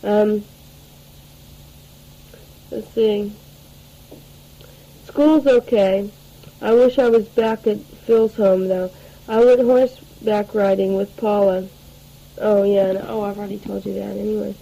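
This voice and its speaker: A woman's voice: mid-range voice, steady tone, slow, vocal fry, long pauses, dark tone, poor audio. A teenage girl rambling through a spoken audio letter to her family, full of fillers and restarts, taped at home. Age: late teens. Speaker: letter writer.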